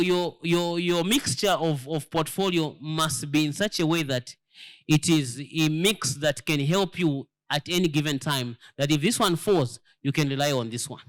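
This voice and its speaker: Emphatic man preaching, higher-pitched. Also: fairly bright tone. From Zambia. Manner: emphatic, rhetorical questions to the audience, repeats words while searching. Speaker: church elder teaching a lesson. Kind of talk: sermon-style lesson to a congregation.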